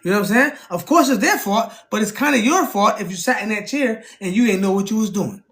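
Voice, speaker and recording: This streamer talks fast and casually to his livestream chat, keeping things animated. He keeps asking "you know what I'm saying," and his pitch jumps up whenever he acts out a conversation.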